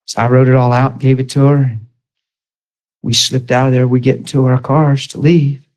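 A man's voice: medium pitch, little pitch movement, moderate pace, rough recording. A middle-aged male preacher delivering a sermon, telling stories and acting out the dialogue in them. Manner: storytelling, acts out dialogue with shifts in loudness.

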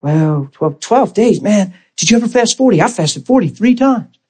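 Animated, storytelling male preacher. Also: sits high, normal speed, breathy edge. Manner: animated storytelling, acting out dialogue and laughing at himself. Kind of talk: sermon with personal testimony.

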